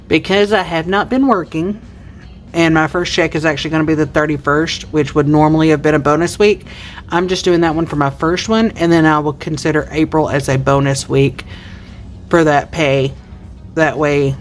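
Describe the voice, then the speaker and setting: A woman's voice: low-pitched, a little hiss or hum. A woman in her thirties from Tennessee with a Southern accent, chatting casually to viewers while counting cash for savings challenges. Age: 30s. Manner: chatty, counts money aloud. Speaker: budgeting YouTuber.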